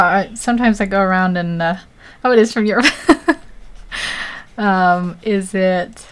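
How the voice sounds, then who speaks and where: An American woman streaming live as she draws, chatting casually, laughing often and poking fun at herself. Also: on the low side. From United States. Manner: giggly, laughs often, self-deprecating. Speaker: artist livestreaming. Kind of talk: casual chat while drawing.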